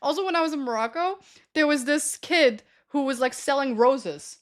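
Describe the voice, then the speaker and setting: Over heavy background noise, a young adult woman with a high voice tells stories to her stream chat at normal speed. Her storytelling is casual, rambling and slangy, and she often corrects herself mid-sentence.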